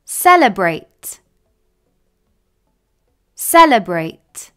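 A woman English teacher reading a word list slowly and clearly, saying each word twice with long pauses between. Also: mid-range voice, sing-song, soft background music.

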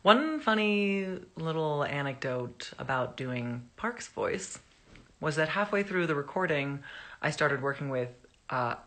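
A woman's voice: deep voice, lively intonation, measured pace, fairly bright tone. A woman chatting casually to fans on a phone live stream, rambling through anecdotes and laughing as she talks.

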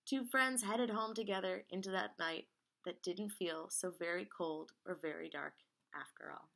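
A woman reading a picture book aloud in a lively way, singing out sound effects as she goes. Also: fairly low pitch, normal speed, gravelly. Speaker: reader.

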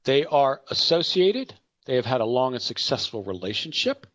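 A man's voice: medium pitch, sing-song, normal speed, a bit bright, dry recording, highs cut off. A middle-aged man giving an unscripted market commentary, rambling and correcting himself with chatty asides and anecdotes.

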